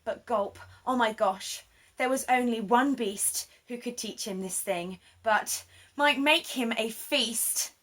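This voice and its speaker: A woman with a fairly high voice reads a rhyming children's story aloud. She takes her time, unhurried and gentle in pace, giving each line an expressive, sing-song lilt.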